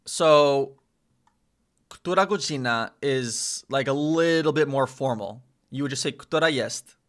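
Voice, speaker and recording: This American man is live-streaming his language self-study, musing aloud as he repeats phrases and fixes his own mistakes. He speaks in a mid-range, fairly bright voice.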